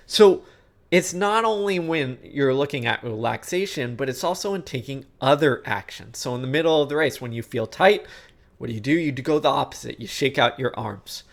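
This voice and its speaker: A man's voice: medium pitch, animated, normal speed, fairly bright tone. A man coaching athletes in an instructional talk, explaining ideas conversationally and checking in with the listener often. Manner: conversational, checks in with frequent "okay?" and "guess what?"; acts out inner thoughts in quoted asides. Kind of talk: instructional talk on sports psychology.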